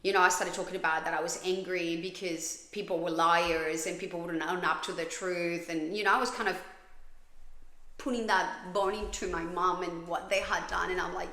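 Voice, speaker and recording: A woman's voice: on the low side, fairly even intonation, normal speed, bright, forceful tone. A woman from Colombia hosting a podcast, telling her own story in a candid, blunt way and swearing freely. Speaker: podcast host. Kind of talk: confessional personal monologue. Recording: echoey room.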